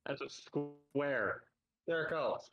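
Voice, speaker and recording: A man's voice: on the high side, extremely slow, fairly bright tone, soft background music. Young male co-host, dry teasing humor, muffled lo-fi call sound. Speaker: podcast co-host. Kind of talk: casual chat. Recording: dull lo-fi call audio.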